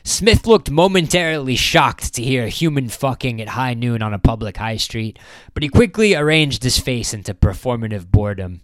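A man reading a story as a narrator, low-key and measured. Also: lively intonation, dry recording. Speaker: audiobook narrator. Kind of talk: scripted narration.

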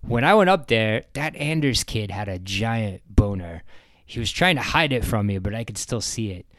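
Picture a crude grown husband who talks in a gruff, bossy, mocking way, with a voice sitting a little low and sounding close and dry. He is read out by a man narrating a storybook for adults. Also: expressive, normal speed, a bit bright, no room sound. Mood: boastful.

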